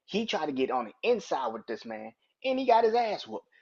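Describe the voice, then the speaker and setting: A man's voice: high voice, big pitch swings, a little fast, a little mellow, husky. A man hosting a solo sports podcast, ranting in a heated, profane, emphatic way. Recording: dull lo-fi recording.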